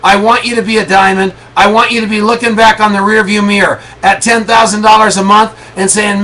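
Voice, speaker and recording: A man's voice: sits high, flat delivery, a little fast, hardly any pauses, pushed and bright, poor audio. A middle-aged man hosting a motivational call, emphatic and preachy, repeating his lines for effect. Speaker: network marketing leader hosting a motivational call. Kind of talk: motivational pep talk.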